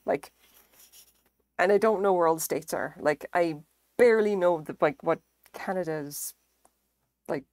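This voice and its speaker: A woman's voice: fairly low pitch, a little slow, long pauses, darkish tone, no echo. A woman chatting casually on a live stream, rambling and self-deprecating, swearing freely as she talks. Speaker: livestreamer. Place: home craft stream setup.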